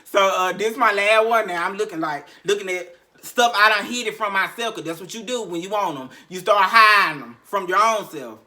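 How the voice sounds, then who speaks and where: Bright-voiced man telling a raw story. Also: high voice, normal speed. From Memphis, Tennessee. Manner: profane, repetitive, heavy sighs, emotional recounting. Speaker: podcast host. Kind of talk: candid storytelling monologue.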